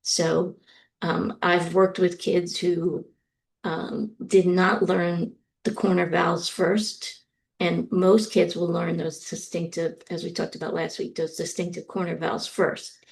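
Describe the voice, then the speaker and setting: A woman's voice: lowish voice, flat delivery, measured pace, vocal fry. A middle-aged woman from the US East Coast giving a university lecture, explaining steadily with frequent ums. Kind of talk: recorded lecture.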